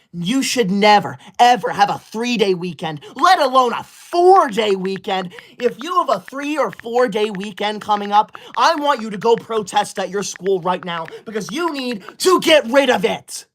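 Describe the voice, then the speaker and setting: A man's voice: high-pitched, expressive, moderate pace, a bit bright, slight background noise. A man in his twenties playing a pompous, bossy young male livestreamer who scolds his chat while reading super chats, as a comedy character. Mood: haughty. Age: 20s.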